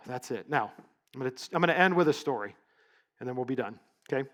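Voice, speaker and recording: A middle-aged man speaking at a leadership event and telling stories in a relaxed, conversational way, sometimes catching and correcting his own words. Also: mid-range voice, brisk. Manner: conversational, story-driven, with small self-corrections. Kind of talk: storytelling keynote talk. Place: event stage.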